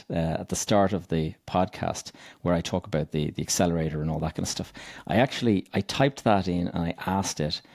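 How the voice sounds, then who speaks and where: Male podcast host, low-ish, relaxed and chatty, dry close sound. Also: no room sound. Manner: relaxed, chatty, addresses listeners as guys. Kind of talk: casual podcast talk.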